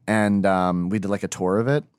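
A man's voice: sits low, steady tone, moderate pace, clear, resonant tone, no echo, clean studio sound. A man co-hosting a podcast, talking casually with a hesitant, meandering manner. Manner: hesitant, full of fillers and asides. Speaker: podcast co-host. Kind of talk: casual chat.

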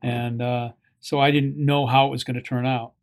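An older man, a guest actor in an interview, speaking haltingly with many pauses and fillers. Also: medium pitch, level tone. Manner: halting, many ums and uhs. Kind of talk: conversational interview.

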